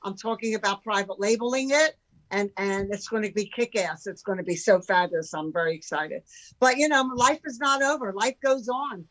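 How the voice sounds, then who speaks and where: A woman's voice: medium pitch, moderate pace, low-quality recording. An older woman, a podcast guest and entrepreneur, talking emphatically in casual conversation and acting out the voices of people she quotes. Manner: emphatic, animated, acts out quoted speech.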